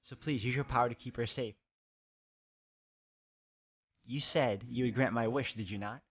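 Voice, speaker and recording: A man voicing a gentle, persecuted young man in a video game, reading formally and slowly. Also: mid-range voice, slightly rough. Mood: pleading. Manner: slow, solemn, formal reading. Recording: slightly dull, muffled sound.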